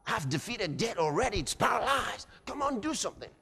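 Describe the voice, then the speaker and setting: A preacher voicing God, who urges his children on in a calm, hushed, coaxing way. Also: sits high, a little fast, gravelly, breathy edge, full character voice. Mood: urging. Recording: echoey hall.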